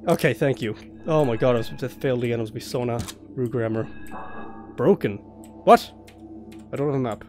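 A man's voice: medium pitch, normal speed, long pauses, a little mellow, soft background music. A young man playing a horror game blind, jumpy and swearing, laughing nervously as he talks through the scares. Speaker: let's play host.

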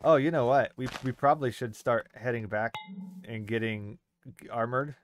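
A man's voice: medium pitch, moderate pace. A man playing a co-op game with a friend, easygoing, plain-spoken and a little rambling. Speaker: co-op gaming partner. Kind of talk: casual co-op gaming chat.

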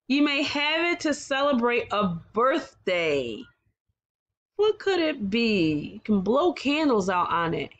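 A woman teaching a kindergarten phonics lesson, slowly sounding out words and praising the children with exaggerated, sing-song encouragement. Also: on the high side, very animated, fairly bright tone. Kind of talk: slow, clearly enunciated phonics lesson for young children.

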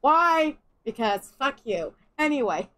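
A woman's voice: high-pitched, big pitch swings, takes it slowly, fairly bright tone. A young woman giving casual, sarcastic gameplay commentary, swearing freely and laughing often. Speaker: let's play streamer.

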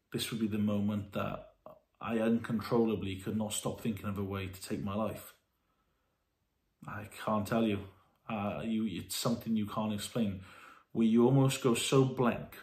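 A man's voice: fairly low pitch, fairly bright tone. Earnest man with a roomy echo. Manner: earnest, halting, emotional. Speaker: vlogger. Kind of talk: candid talk to camera. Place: warm room indoors at home.

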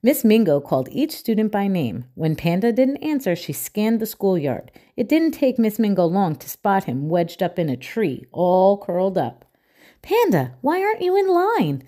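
Expressive woman reading a picture book aloud. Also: mid-range voice, normal speed, few pauses. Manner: clear, expressive storytelling. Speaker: children's book reader.

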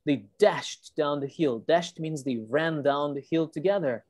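A woman's voice: sits low, measured pace, a little mellow, dry recording. A woman teacher reading a storybook aloud to children on a video call and patiently explaining the words.

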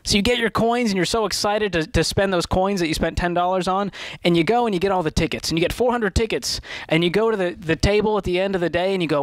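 A male co-host on a money advice show, telling lively stories to make a point. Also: high voice, fast talker, dry recording. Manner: storytelling, animated analogies. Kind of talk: casual advice talk.

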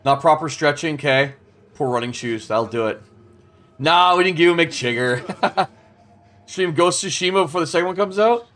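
A man's voice: on the high side, animated, normal speed, fairly bright tone. A man in his thirties streaming a game, chatting casually with chat and swearing as he plays. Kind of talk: casual gameplay commentary.

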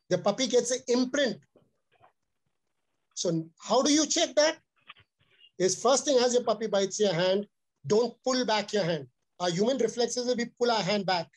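A man's voice: sits high, a little slow. Earnest Indian man teaching dog owners. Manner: earnest, repetitive, lecturing. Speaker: dog trainer giving a webinar talk. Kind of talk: instructional webinar talk.

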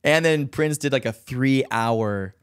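A man guesting on a podcast, telling lively stories full of fillers and putting on high voices for quotes. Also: slow pace, smooth, no echo, clean studio sound. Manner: animated storyteller, acts out quotes in high voices, many fillers. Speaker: podcast guest, professional dancer. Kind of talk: casual chat, storytelling.

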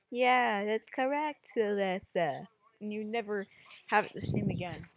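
Lady rambling through a reaction vid, casual chat, average pitch. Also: moderate pace, no echo. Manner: rambling, jumps between topics. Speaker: YouTuber reacting to videos.

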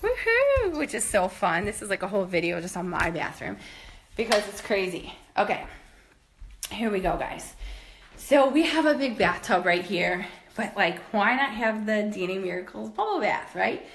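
This woman has a medium-pitched voice with vocal fry, speaks at a normal speed, and there's a little hiss or hum behind her. In her thirties, she gives a casual house tour to camera, walking between rooms, chatty, upbeat, slightly out of breath, and fond of "okay?" and "guys."

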